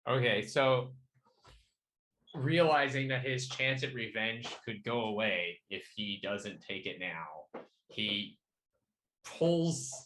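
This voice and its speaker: A man's voice: mid-range voice, animated, takes it slowly, pauses often, a bit bright, slight background noise, poor audio. Casual joking man playing a tabletop game. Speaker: player.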